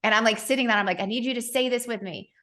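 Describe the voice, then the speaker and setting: A woman in her thirties hosting a podcast, telling a family story in a lively, laughing way. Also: on the high side, very fast. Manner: animated storyteller, laughs often. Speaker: podcast host. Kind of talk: casual interview chat.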